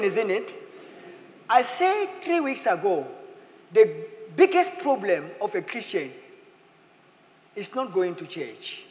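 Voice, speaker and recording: A high-pitched man preaches a sermon, his voice swinging widely from low murmurs to sharp peaks. He talks in a lively, playful way. The sound is roomy, a long echoing hall with faint ambience behind him. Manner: lively, mixes in playful acted quotes and laughter. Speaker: pastor.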